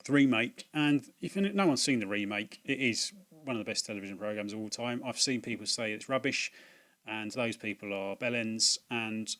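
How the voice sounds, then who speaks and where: A man with a voice on the low side, a bit bright, speaks at normal speed while hosting a casual unboxing vlog. He rambles chattily about items he bought, filling gaps with many fillers. It's recorded at home at dusk on a built-in laptop mic.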